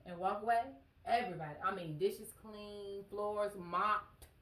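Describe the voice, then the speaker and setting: A woman's voice: mid-range voice, unhurried, fairly bright tone. A woman in a casual podcast chat, animatedly acting out scenes from home. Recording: roomy, distant mic with clear noise.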